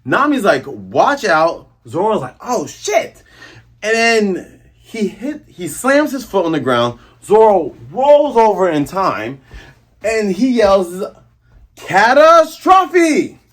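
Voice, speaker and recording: Reviewing a manga chapter casually and a bit slowly, this man is animated and excitable, performing scenes as he talks. He has a husky, somewhat breathy voice whose pitch leaps around with energy.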